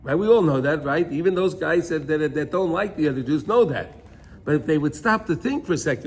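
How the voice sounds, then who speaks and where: A man's voice: fairly high pitch, expressive, fairly quick, husky. A man teaching an informal Torah class, telling stories and often checking in with "right?".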